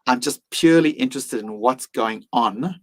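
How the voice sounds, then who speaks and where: A man's voice: medium pitch, normal speed, rough recording. A man speaking as a podcast guest, reflective and earnest, sometimes acting out his own inner voice. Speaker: mindfulness teacher and guest.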